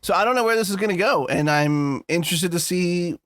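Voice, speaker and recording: A man's voice: high voice, fairly quick, dry recording, clean studio sound. A man co-hosting a podcast in a loose, laughing, casual chat, swearing freely. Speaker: podcast co-host.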